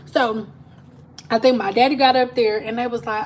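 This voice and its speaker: A woman's voice: fairly high pitch, fairly even intonation, normal speed, slight background noise. A woman hairstylist telling stories in a chatty, slangy way on a casual live stream from home. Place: at home, TV in another room.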